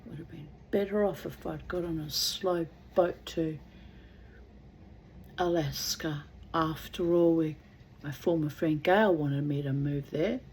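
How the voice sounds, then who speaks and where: A woman's voice: low-pitched, a little slow, darkish tone, slight background noise. A middle-aged woman reading aloud and rambling in wry asides, sometimes dropping to a whisper. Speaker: reader.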